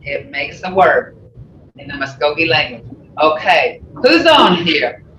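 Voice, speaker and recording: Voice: mid-range voice, sing-song, sharp tone, slight background noise. A language teacher leading an online class, explaining patiently and repeating key points. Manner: slow, repetitive, patient explaining. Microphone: video call. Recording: echoey, distant, muffled video call.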